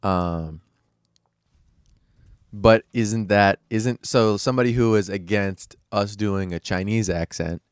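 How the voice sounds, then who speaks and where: A low-voiced American man talks through a casual podcast conversation with a smooth, resonant tone. He hesitates often, filling pauses with ums and rephrasing as he goes. The sound is dry and close. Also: no room sound. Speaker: podcast co-host.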